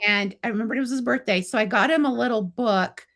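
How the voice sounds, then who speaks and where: A chatty woman in her fifties from Arizona, USA, tells a personal story as a guest. Her voice is on the high side, quick and fairly bright, and she fills it with "like" while acting out other people's lines in quotes.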